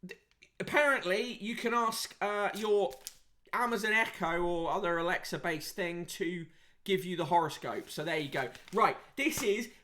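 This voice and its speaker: High, bright-voiced sarcastic male host. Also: normal speed, slight background noise. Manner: wry, sarcastic asides between readings. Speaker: podcast host reviewing print media. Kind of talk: casual read-aloud commentary.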